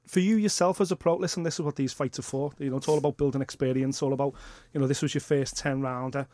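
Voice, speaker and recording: A male talk radio host interviewing a guest in the studio, animated and firing off several questions at once. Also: medium pitch, quick pace, no echo. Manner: animated, asks stacked questions.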